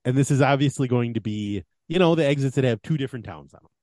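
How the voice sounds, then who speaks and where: A man's voice: medium pitch, quick pace, darkish tone, no room sound. A man co-hosting a casual comedy podcast, reading a countdown with mock solemnity and laughing at his own bits. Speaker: podcast co-host.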